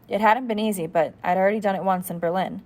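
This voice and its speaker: A woman's voice: medium pitch, fast talker, a little mellow. A woman reading a novel aloud as an audiobook, in a plain reading manner with the odd slip and restart. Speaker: audiobook reader. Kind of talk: read-aloud narration of a novel.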